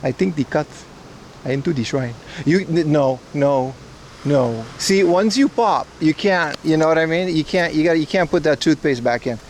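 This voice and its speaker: A man's voice: fairly high pitch, normal speed, darkish tone, slight background noise. A man hosting a casual livestream outdoors on the street, rambling and chatting with his viewers as he walks. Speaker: livestream host. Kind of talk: casual livestream chat while walking. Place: outdoors on streets and at a shrine in hot weather.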